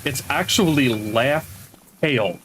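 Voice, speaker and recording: A man's voice: mid-range voice, animated, slow pace, fairly bright tone, a little hiss or hum, low-quality recording. A man streaming games, telling long casual stories that trail off and restart. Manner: rambling storyteller, trails off mid-sentence. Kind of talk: casual chat while gaming.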